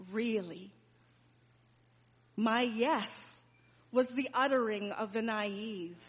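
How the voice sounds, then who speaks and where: A grieving mother, played by a woman, speaks in a fairly high voice with slow, heavy pauses. The monologue rings out with a long reverberant hall tail. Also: breathy edge, full character voice. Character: Mary, grieving mother recalling her son's death. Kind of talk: dramatic monologue.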